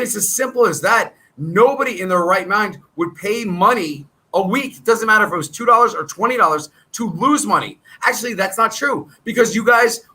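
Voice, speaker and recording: Guy talking to his viewers, high voice, sharp and bright, rambles and sells hard, a bit combative. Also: poor audio. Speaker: trading educator hosting his own channel. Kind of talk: casual monologue to viewers.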